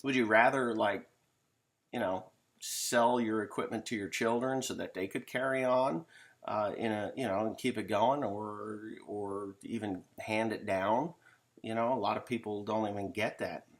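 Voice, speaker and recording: A man's voice: lowish voice, steady tone, moderate pace. A man who farms and talks in a casual, rambling monologue with jokes and frequent asides. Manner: joking, rambling, self-interrupting. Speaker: farmer vlogger.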